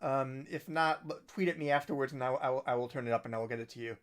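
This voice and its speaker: A musician hosting a livestream, chatting casually and rambling through recommendations with soft trailing asides. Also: male voice, mid-range voice, very fast.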